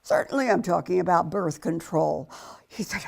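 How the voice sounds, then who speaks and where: Older woman, gravelly voice, personal testimony, animated dramatic storyteller, hushed near-whispers. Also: fairly low pitch, fairly quick. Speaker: guest telling her testimony.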